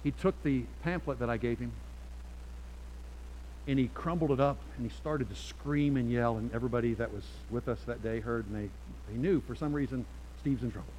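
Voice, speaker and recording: A man preaching a sermon to a church congregation, switching between forceful appeals and quiet storytelling. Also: mid-range voice, a little fast, a little hiss or hum, poor audio. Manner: emphatic, swings from loud exhortation to quiet storytelling. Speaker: pastor.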